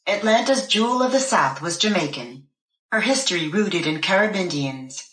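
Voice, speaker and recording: A woman's voice: medium pitch, animated, normal speed, a bit bright. Woman narrating a novel in a roomy echo. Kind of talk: scripted first-person audiobook narration.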